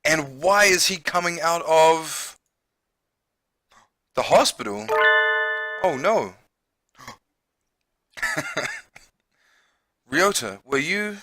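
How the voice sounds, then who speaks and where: A man's voice: a little high, sing-song, slow, pauses often, sharp tone. A man, an English conversation teacher, playing a dating game on a close mic, amused and laughing often while explaining words. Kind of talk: game let's-play commentary.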